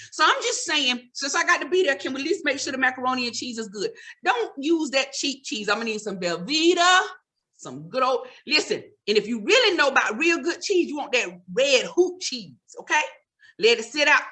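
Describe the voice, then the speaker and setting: On stage doing stand-up, a middle-aged woman teases and scolds her listeners with sassy side comments, her pitch high and her tone ringing bright and sharp.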